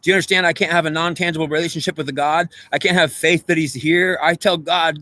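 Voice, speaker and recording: A man's voice: on the high side, steady tone, fast talker, few pauses, pushed and bright, no echo, poor audio. A man delivering a rambling spiritual monologue, insistently repeating himself and often asking whether the listener understands. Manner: repetitive, insistent, asks "do you understand"; frequent restarts and stammered repeats.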